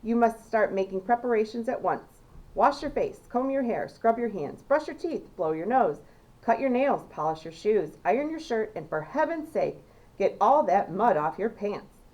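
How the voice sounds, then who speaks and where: A woman reading aloud, voicing an excitable elderly grandfather who barks eager commands. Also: fairly high pitch, pitched above the performer's own voice, natural voice. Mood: excited. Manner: loud and exclamatory, rapid commands.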